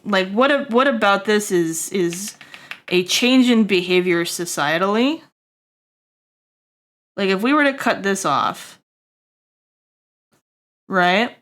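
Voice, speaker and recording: A woman's voice: lively intonation, slow, long pauses. A woman streamer giving a casual character design critique, rambling with lots of fillers and checking in with "right?". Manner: jokey asides to chat, bursts high and loud.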